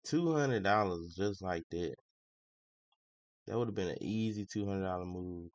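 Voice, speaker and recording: In dry, slightly muffled lo-fi audio without echo, a man sits low in pitch and keeps a measured pace while trading live. He grumbles, repeats himself, and talks in slangy, casual commentary as a streaming day trader.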